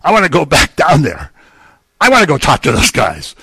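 A man's voice: on the high side, huge pitch swings, normal speed, bright, forceful tone, husky, no echo, pitched above the performer's own voice, full character voice. A man voicing an eager apostle pleading to be sent back down. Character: eager zealous man longing to return.

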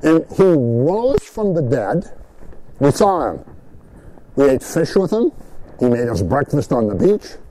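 A man's voice: mid-range voice, unhurried, pauses often, a little hiss or hum, poor audio. A man teaching the Bible to a group in a conversational sermon, often checking in with "right?" and acting out the people he quotes. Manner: animated, asks "right?", acts out quoted speakers.

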